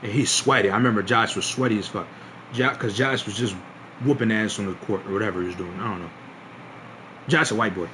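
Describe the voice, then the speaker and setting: A man's voice: on the low side, fast, pushed and bright, slight background noise. A young man streaming, telling a long story in a casual, rambling way, full of slang, swearing and repeated phrases.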